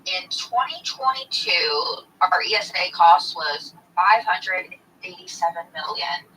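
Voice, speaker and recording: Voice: medium pitch, expressive, slow pace, bright, forceful tone, far from the mic, slight background noise, rough recording. A speaker in a casual discussion who reads figures from notes while wearing headphones.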